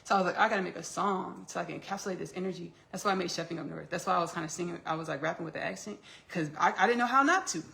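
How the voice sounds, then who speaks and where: A woman's voice: lowish voice, racing, gravelly, few pauses, bright, forceful tone. A woman from Texas chatting on a casual live stream while cooking in her home kitchen, calling her listeners "baby" and laughing often.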